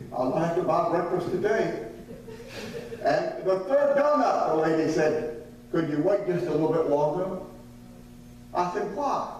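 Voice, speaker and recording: Folksy Southern preacher in an echoey hall. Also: male voice, high-pitched, a little mellow. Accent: American Southern. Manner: folksy, humorous anecdotes, acts out quoted voices. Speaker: visiting missionary preacher. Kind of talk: sermon storytelling. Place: church sanctuary. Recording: echoey church hall from far off, faint hum.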